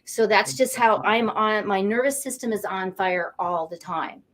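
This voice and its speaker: A woman in her late fifties, a guest on a talk show, telling her life story in an animated, emotional way. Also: medium pitch, a little slow, slight background noise. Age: 50s. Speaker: guest, energy coach. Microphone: studio or video call mic.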